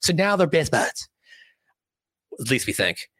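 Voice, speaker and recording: A man casually recapping a film's plot out loud in a rambling, profane, animated way, seated indoors. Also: a little high, measured pace, no room sound, clean studio sound. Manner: animated, rambling, profane storytelling with many asides. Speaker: movie recap commentator. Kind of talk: casual spoken film recap.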